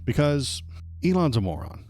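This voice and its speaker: A man's voice: a little high, very animated, moderate pace, darkish tone, faint music behind. A man ranting bluntly and sarcastically in political commentary as the host of his stream.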